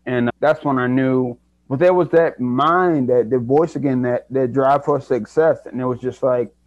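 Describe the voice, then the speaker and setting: A man's voice: mid-range voice, normal speed, no echo. A young man, a guest in an interview, telling his own story in an earnest, reflective way and often restarting his sentences. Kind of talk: candid personal story. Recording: dry, dull lo-fi sound.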